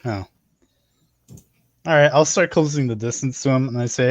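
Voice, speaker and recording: A man's voice: mid-range voice, moderate pace, no room sound. A man playing a tabletop game, laid-back and joking. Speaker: player. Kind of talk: casual tabletop play.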